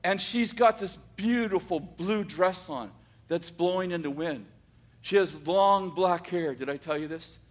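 A man with a rather high voice telling a story aloud. He takes his time, drawing out dramatic moments with pauses and frequently backtracking to restart a sentence. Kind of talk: oral storytelling.

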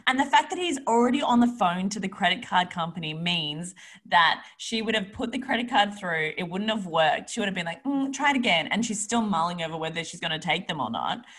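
Low-voiced woman chatting casually. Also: expressive, fairly quick, a bit bright. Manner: swears freely, acts out quoted voices. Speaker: podcast co-host. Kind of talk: casual chat.

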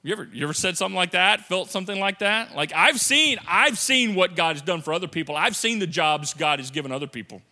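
A man's voice: sits high, lively intonation, fast, few pauses, bright, forceful tone. A man preaching a sermon as a pastor, conversational and playful, often acting out quotes in different voices. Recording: long hall reverb.

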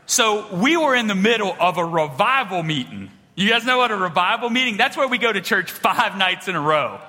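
Man, pastor, sermon in a big reverberant hall; bright, lively pitch, animated storyteller. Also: fairly quick. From small-town rural upbringing. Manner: animated storytelling, swings between loud punchlines and hushed low passages.

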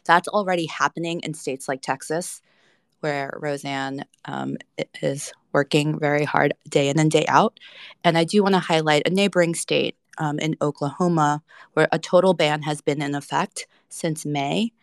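A woman's voice: low-pitched, fairly even intonation, normal speed, no echo, clean studio sound. A woman lawyer and litigator speaking earnestly on a panel, with frequent fillers. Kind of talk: panel discussion.

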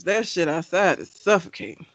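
A woman co-hosting a casual chat who laughs often and reacts with quick, profane quips. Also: lowish voice, no echo, dull audio. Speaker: podcast co-host.

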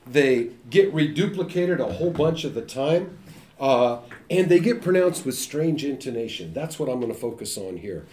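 Lively joking man lecturing in an echoey room. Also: mid-range voice, moderate pace, a little hiss or hum. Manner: animated and joking, imitating sounds and voices. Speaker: linguistics lecturer. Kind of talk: academic talk.

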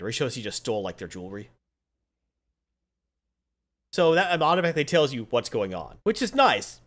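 A man's voice: mid-range voice, expressive, fairly quick, fairly bright tone. A man in casual chat, rambling through a story recap with lots of fillers.

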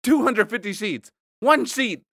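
A man's voice: very high-pitched, expressive, unhurried, creaky, bright, forceful tone, no echo, studio quality. A young man co-hosting a casual comedy podcast, laid-back and laughing often. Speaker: podcast co-host.

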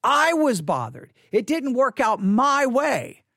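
A male pastor giving a livestreamed sermon in a church sanctuary, candid and self-deprecating, telling a story with lively restarts. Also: very high-pitched, slow, no echo, clean studio sound.

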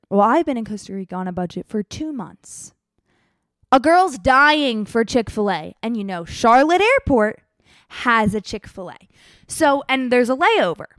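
A young woman telling a travel story in a casual, animated, exaggerated way. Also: mid-range voice, no echo, clean studio sound.

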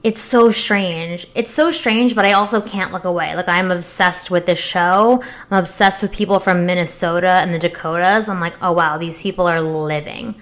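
A woman's voice: on the low side, steady tone, normal speed, few pauses, a bit bright. A young woman co-hosting a casual chat show, talking frankly with lots of fillers and jokes. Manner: chatty, filler-heavy, frank and joking.

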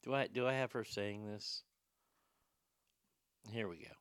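A man's voice: on the low side, fairly even intonation, unhurried, fairly bright tone, smooth, no room sound, studio quality. A male show host delivering profane, sarcastic political commentary, with boastful asides.

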